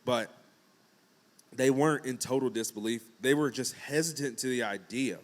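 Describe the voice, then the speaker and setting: A man preaching in a relaxed, conversational way from a church pulpit. His voice sits at a middle pitch. He breaks into acted-out quotes and jokes as he goes. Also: normal speed. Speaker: pastor. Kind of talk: casual sermon.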